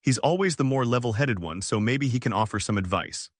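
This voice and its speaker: A man reading a first-person story aloud in an expressive way. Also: mid-range voice, fairly quick, no echo, clean studio sound. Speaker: story narrator.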